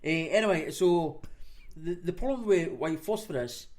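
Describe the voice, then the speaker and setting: A man's voice: on the high side, animated, moderate pace, a little mellow. A young Scottish man co-hosting a podcast, chatting casually in a blunt, sweary, sarcastic way. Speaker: podcast co-host.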